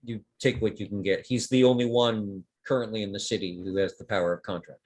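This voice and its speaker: A man's voice: lowish voice, fairly even intonation, fairly quick, darkish tone. A man narrating as game master of a tabletop game in a casual, rambling way.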